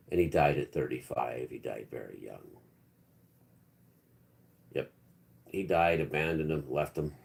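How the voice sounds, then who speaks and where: A man in his fifties hosting a livestream, rambling to viewers in the chat and trailing off into low mutters. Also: darkish tone. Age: 50s. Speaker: livestream host.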